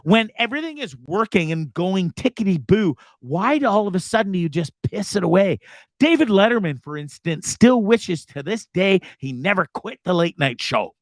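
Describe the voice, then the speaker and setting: A man's voice: high voice, sing-song, moderate pace, no room sound, clean studio sound. Swearing, ranting male show host. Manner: profane, heated ranting. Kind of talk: casual live-show rant.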